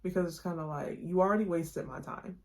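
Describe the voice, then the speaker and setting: A young woman vlogger telling a storytime in a chatty, slangy, animated way to her viewers. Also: on the low side, fairly quick. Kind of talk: casual storytime chat.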